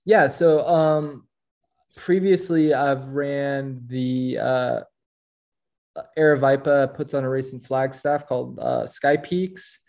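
A man with a mid-range voice talks as a podcast guest, easygoing and unhurried as he tells his story. His delivery is casual and conversational. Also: medium pitch, steady tone, vocal fry, a little mellow. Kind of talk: casual interview chat.

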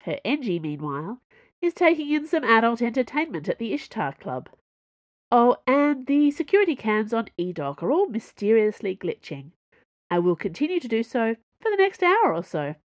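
A woman voicing a confident, smooth-talking female pilot over a com link in a storybook reading. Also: fairly high pitch, sing-song, moderate pace, no echo, voice pushed up. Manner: smooth, self-assured.

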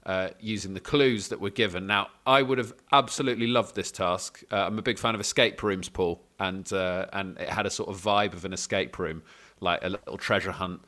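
A man's voice: sits low, steady tone, a little fast, few pauses, sharp tone. A man hosting a casual podcast chat, teasing and chatty, with lots of filler sounds. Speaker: podcast host.

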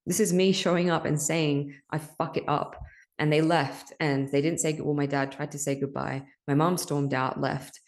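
A woman hosting a podcast, speaking in a candid, emotional, confessional way about her own struggles, swearing freely and lively when she quotes others. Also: sits low, normal speed. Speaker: podcast host. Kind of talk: candid personal monologue.

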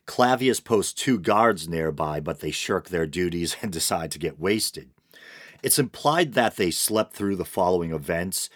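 Low-voiced man with wry asides. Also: dry recording. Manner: wry, conversational, with dry asides. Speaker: film reviewer. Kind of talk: casual scripted film review narration.

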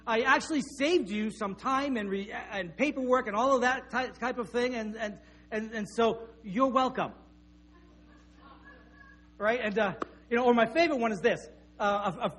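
A middle-aged pastor delivering a sermon in an easy, conversational way. His voice sits high for a man, and he often circles back with small restarts as he tells homely stories. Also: fairly bright tone. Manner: conversational, anecdotal, with repeated restarts.

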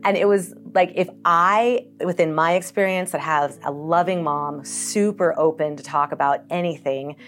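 A woman's voice: on the low side, normal speed, hardly any pauses, fairly bright tone, a little hiss or hum. A woman from Colorado, a health organization CEO, speaking earnestly as a podcast interview guest with occasional fillers.

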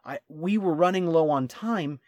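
A man co-hosting a travel talk, eager and quick to laugh, tripping over his words when excited. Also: a little high, dry recording, clean studio sound. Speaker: travel vlog co-host. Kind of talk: casual travel chat.

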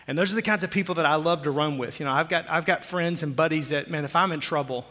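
A man in his forties from Oklahoma, a pastor preaching a sermon with jokey, animated storytelling. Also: a little high, fast talker. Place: church sanctuary. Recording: long hall reverb.

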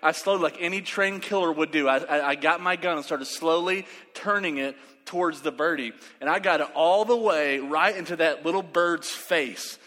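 Man, preacher, bright forceful voice, animated storytelling, echoing hall. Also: fairly high pitch, moderate pace, hardly any pauses. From West Texas. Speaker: pastor. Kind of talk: sermon with storytelling. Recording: reverberant hall.

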